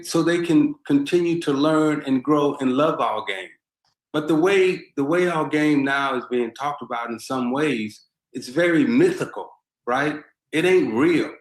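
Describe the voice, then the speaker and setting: Emphatic man in echoey podcast clip. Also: fairly high pitch. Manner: emphatic, insistent on honesty. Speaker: podcast guest, former basketball player. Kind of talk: casual podcast talk.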